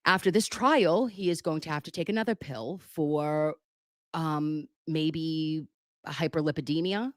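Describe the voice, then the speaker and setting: A woman's voice: low voice, a little slow, no echo, studio quality. A woman hosting a casual live stream on a webcam, chatty and joking as she reads viewer messages aloud. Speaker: livestream commentator.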